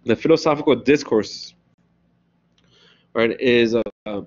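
Slowly and in a darkish, medium-pitched voice, a man gives a conversational philosophy lecture, pausing often to ask "right?" The recorded class has a dull, lo-fi sound.

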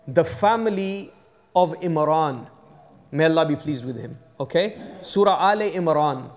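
A man with a London accent giving a mosque sermon, teaching conversationally and often checking in with the audience. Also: fairly high pitch. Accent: London English. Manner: switches into Urdu and Arabic phrases. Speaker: imam giving a mosque talk. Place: mosque hall.

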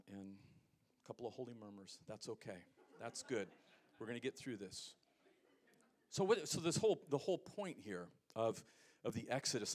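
Animated male pastor preaching. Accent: American. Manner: animated preaching, swings from loud emphasis to low asides. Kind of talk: sermon.

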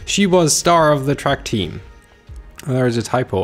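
Male let's-play host, halting casual commentary, medium pitch, soft game music under him. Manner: halting, with many uh fillers, reads game text aloud.

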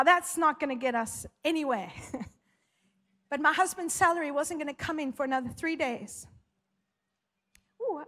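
Fervent woman preacher, high bright voice. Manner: fervent, emphatic preaching with storytelling. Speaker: pastor. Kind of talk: sermon. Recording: long hall reverb.

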